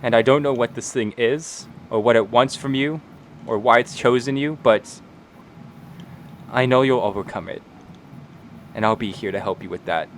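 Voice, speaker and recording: Man doing a soft-spoken loving mother. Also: medium pitch, moderate pace, long pauses, a little hiss or hum, natural voice. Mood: tender. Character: tender loving mother, woman, gentle and protective.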